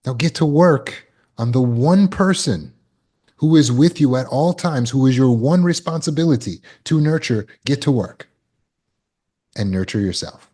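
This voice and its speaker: A man giving a live talk to an audience in a room. He talks earnestly and coaxingly, repeats phrases, and drops to a soft voice when he voices comforting words. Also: medium pitch, lively intonation, unhurried. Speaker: trauma recovery speaker. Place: room with an audience of about 160.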